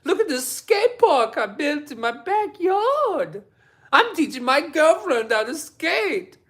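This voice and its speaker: Man doing a whiny skate vlogger, high nasal mocking voice, swoopy and sing-song. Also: sing-song, slow pace, fairly bright tone, exaggerated voice. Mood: mocking whine.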